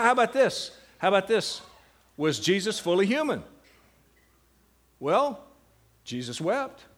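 A man's voice: a little high, a bit bright. A middle-aged man giving a classroom lecture on Bible meditation, putting questions to his students and answering them. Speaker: seminary lecturer.

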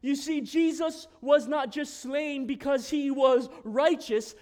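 A man preaching a sermon, moving between hushed scripture reading and impassioned shouted declarations. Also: extremely high pitch, slow pace.

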